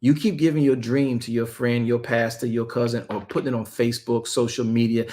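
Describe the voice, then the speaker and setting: Talking briskly and rarely pausing, an apostle with a mid-range voice teaches his Bible study group in a relaxed way. He jokes around, stays animated, addresses the group directly, and frequently restarts or repeats what he's saying.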